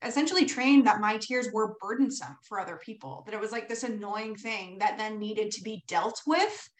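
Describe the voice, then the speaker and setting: A woman's voice: mid-range voice, normal speed, roomy sound, rough recording. A woman hosting a podcast in casual chat, candid, swearing freely and laughing often. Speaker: podcast host.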